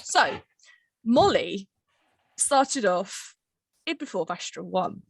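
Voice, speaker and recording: A woman's voice: medium pitch, very animated, slow pace, creaky, breathy edge, no room sound. A woman hosting a casual podcast chat about her audio drama, bubbly and rambling, laughing often between fillers. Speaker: podcast host and writer-director.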